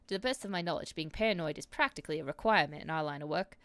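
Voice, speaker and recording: A stern, scornful male enforcer captain, as a woman puts him on, speaking in stiff, officious military phrasing. The voice sits fairly low and sounds dry and close, with no room around it. He reads like game dialogue. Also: rapid-fire, fairly bright tone, clean tone, no echo. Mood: stiff formal. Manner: formal, stiff military speech. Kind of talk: reading game dialogue aloud.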